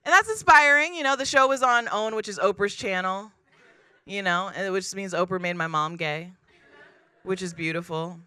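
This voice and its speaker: A woman performing a stand-up comedy set on a club stage, deadpan and self-deprecating, acting out the people in her stories. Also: medium pitch, moderate pace, smooth, no room sound.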